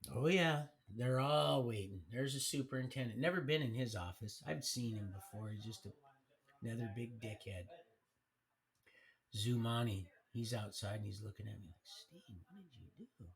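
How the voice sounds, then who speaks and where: A man's voice: medium pitch, moderate pace, vocal fry. A man casually telling his life story on a live stream, rambling and colloquial, with frequent restarts. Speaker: livestream storyteller. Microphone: streaming mic.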